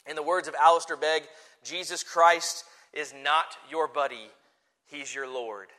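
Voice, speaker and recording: A man preaching a sermon, moving from quiet conversational asides to loud, forceful declarations. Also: fairly high pitch. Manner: animated, swings from soft asides to forceful declarations. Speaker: pastor.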